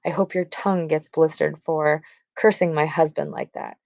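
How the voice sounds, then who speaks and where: A distraught young bride torn between grief and love, as a woman with a low, gravelly voice reads her part aloud. The lines come plainly from the page in a dull, lo-fi recording. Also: steady tone, moderate pace, darkish tone, no echo. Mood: anguished. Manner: read aloud plainly from the script. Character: young teenage girl, newly wed, distraught and torn.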